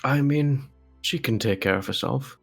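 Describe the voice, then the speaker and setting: A man playing a tabletop game, talking casually and making quick in-game calls. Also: mid-range voice, gravelly, soft background music. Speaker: player.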